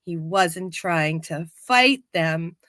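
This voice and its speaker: A woman co-hosting a casual live-stream, retelling an episode in animated fashion and acting out quotes. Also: on the low side, extremely slow, no room sound. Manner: animated storyteller, acts out quotes. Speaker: podcast co-host recapping a TV episode. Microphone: live-stream setup.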